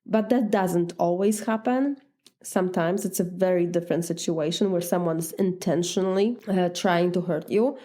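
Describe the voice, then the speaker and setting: A woman's voice: on the low side, normal speed, warm tone. A woman with a Polish accent, a native Polish speaker, giving earnest, direct coaching advice in a podcast talk. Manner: earnest, direct, acts out sample dialogues. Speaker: life coach.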